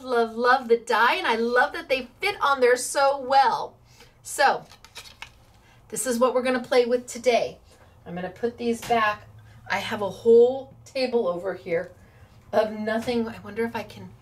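A cheerful woman runs a craft shop's live demo. Her voice sits a little high, and she gushes over each product with easy laughter. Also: unhurried. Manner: bubbly, gushing, laughs often. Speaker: craft shop host.

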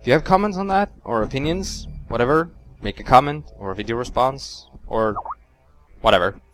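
A man's voice: animated, normal speed, a bit bright. A man commentating as he plays a strategy game, sarcastic and talking to himself. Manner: sarcastic, talks to himself, wild swings in pitch. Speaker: let's play host. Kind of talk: casual gameplay commentary.

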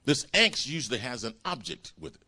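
A man preaching a sermon as pastor, calling out hallelujah and praise the Lord as his pitch swings up and down. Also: very animated, moderate pace, bright, forceful tone. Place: church sanctuary.

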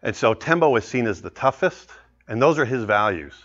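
Animated male story pitcher. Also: a little fast. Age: 40s. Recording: muffled lecture recording.

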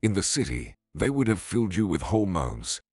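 A man voicing a calm, persuasive woman healer from a commune, speaking in a soothing, insistent way. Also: low voice, normal speed, slightly rough, dry recording, heavily acted.

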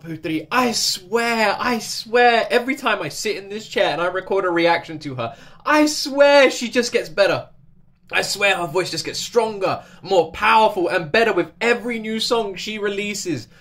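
A man's voice: sits high, a bit bright. Gushing British man reacting to music. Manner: effusive, gushing, breaks into laughter. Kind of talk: reaction commentary. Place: seated indoors in his recording chair.

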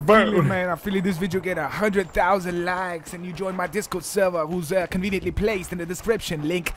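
A young man chatting crudely and joking loudly while playing an online shooter, over game gunfire. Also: sits high, brisk, faint music behind. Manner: loud, crude joking, bursts of shouting. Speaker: gaming YouTuber. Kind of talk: crude casual chat while gaming. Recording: gameplay with loud gunfire behind.

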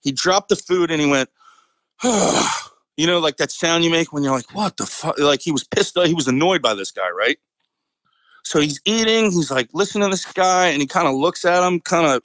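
A man's voice: fairly high pitch, fairly bright tone, no echo, poor audio. A man, a military veteran and podcast guest, telling a story casually with many fillers and frequent chuckles. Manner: rambling, fillers, chuckles often.

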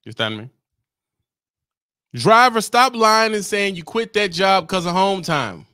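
A man's voice: sits high, big pitch swings, unhurried, sharp tone, clean tone, dry recording, clean studio sound. A man, ranting on his livestream in a brash, teasing way and breaking into laughs. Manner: brash, teasing, laughs often, apologizes mockingly. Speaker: livestream host. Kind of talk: casual livestream rant.

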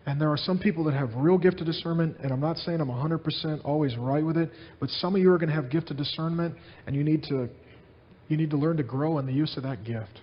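A man preaching a sermon as pastor, telling stories in an animated way and repeating his phrases. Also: a little high, fast, muffled recording.

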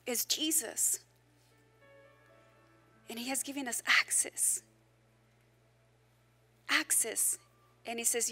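Bright, forceful woman pastor preaching. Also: fairly high pitch, a little slow, pauses often, soft background music. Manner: animated and conversational, with joking asides. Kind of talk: sermon.

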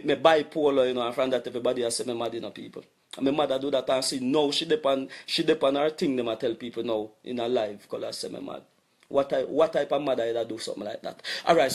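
A middle-aged man with a thick Jamaican Patois accent delivers an impassioned rant straight to his audience. His voice sits fairly high for a man, and he keeps circling back to the same phrases with heavy insistence. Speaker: vlogger. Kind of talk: impassioned rant addressed to viewers.

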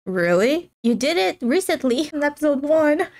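A woman hosting a casual reaction video, excitable, laughing often and swearing casually. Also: high-pitched, moderate pace.

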